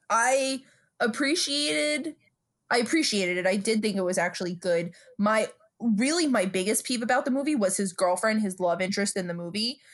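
Woman cohost on a podcast, chatty, laughs a lot, swears, normal pitch. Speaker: podcast co-host. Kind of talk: casual chat.

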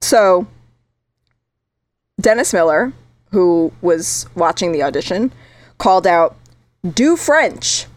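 This podcast co-host speaks in a lowish voice, slowly and with frequent pauses, in a dry recording. She's losing her voice but stays chatty in the casual conversation, laughing a lot and wandering off on tangents.

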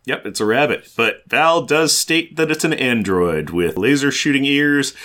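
A man's voice: medium pitch, animated, unhurried, fairly bright tone. A man co-hosting a comic book podcast in casual chat, easygoing, acting out lines he quotes. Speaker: podcast co-host.

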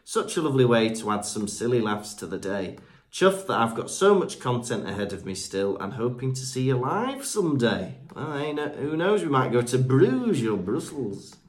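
Man, from Britain, podcast co-host, casual chat, reading reviews, jokey, lively intonation. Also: mid-range voice, moderate pace. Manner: chatty, jokey, stumbles over names.

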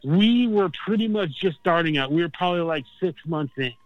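A man calling in who tells a long story in a casual, animated way, swearing freely and saying "man" and "dude" all the time. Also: on the high side, fairly quick, dry recording, lo-fi sound. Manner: animated, profane, says man and dude constantly. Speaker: phone-in guest. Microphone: phone line.

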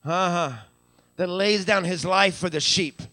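A pastor with a Western Pennsylvania accent preaches a live sermon in a church sanctuary, his voice sitting high and steady, a little slow, pushed and bright. The recording is dry with soft background music, and he repeats words in a stammer as he builds, calling out hallelujah.

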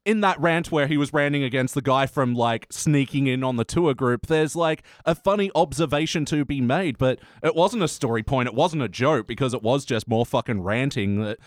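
A man's voice: medium pitch, normal speed, few pauses, dry recording, clean studio sound. A man hosting a podcast, who laughs often, swears casually and leads each segment.

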